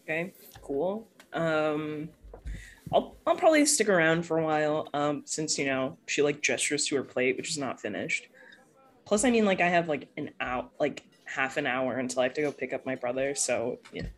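Mujer de voz muy grave narrando una partida de rol. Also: female voice, low-pitched, normal speed. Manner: casual, hesitant, many fillers. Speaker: game master. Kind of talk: narrating a tabletop game.

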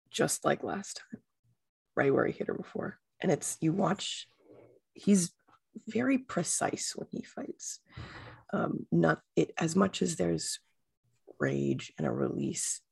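A player describing a character's actions in a tabletop game, in halting speech with restarts. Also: mid-range voice, sing-song, creaky, darkish tone, husky. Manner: halting, restarts mid-sentence.

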